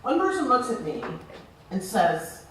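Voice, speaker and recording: A woman giving a storytelling speech to an audience, expressive and deliberate with dramatic pauses. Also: on the high side. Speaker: keynote speaker. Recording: very echoey hall, distant mic.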